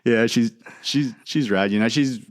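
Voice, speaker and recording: A man in his fifties with an Australian accent, telling lively stories as a podcast guest with many restarts. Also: medium pitch, moderate pace, no echo, studio quality. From Sydney, Australia. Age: 50s. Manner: animated, full of restarts and laughter. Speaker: podcast guest, skater and skatepark designer. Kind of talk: casual storytelling.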